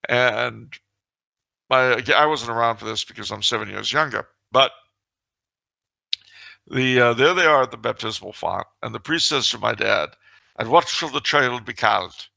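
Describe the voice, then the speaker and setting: A middle-aged man spins a story in casual talk-show banter, full of mock indignation as he acts out both sides of the dialogue. His voice is gravelly and bright, with a forceful edge, and it sits close and dry on the mic. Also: mid-range voice, normal speed, long pauses, no room sound. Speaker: podcast co-host.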